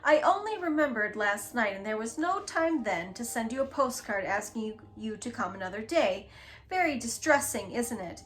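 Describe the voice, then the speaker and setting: A woman's voice: a little high, animated, normal speed, a bit bright. A woman reading a storybook aloud, voicing a round, jolly man who is cheerful and apologetic. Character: round, jolly middle-aged man, laughter-prone.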